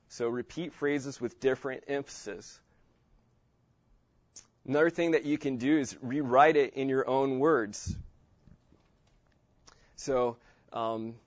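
A man teaches a Bible lesson in an easy, conversational way, often stopping to restart a phrase. His voice sits at a middle pitch. The recording sounds muffled and dry. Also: no echo. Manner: casual, with many fillers and restarts.

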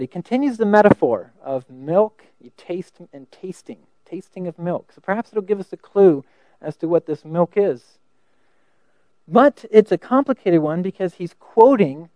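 A man teaching a sermon, thinking aloud with restarts and slowing down to read verses. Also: sits high, warm tone, dry recording. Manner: thoughtful, halting with restarts, slows to quote verses. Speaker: preacher teaching scripture.

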